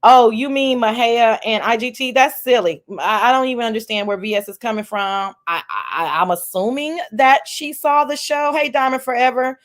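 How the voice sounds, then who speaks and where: A woman hosting a livestream, giving profane, animated commentary, reading viewer messages. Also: fairly high pitch, normal speed, few pauses. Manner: animated, profane, reads chat aloud. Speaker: livestream host. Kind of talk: casual commentary chat.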